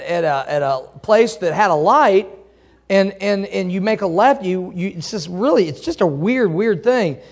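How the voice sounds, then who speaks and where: A man, a pastor preaching a sermon in a folksy, animated way, laughing at himself and acting out angry drivers. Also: high voice.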